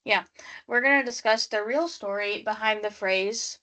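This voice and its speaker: A woman's voice: medium pitch, normal speed, bright, forceful tone. A woman hosting a casual true-crime podcast, leading the story and quizzing her co-host.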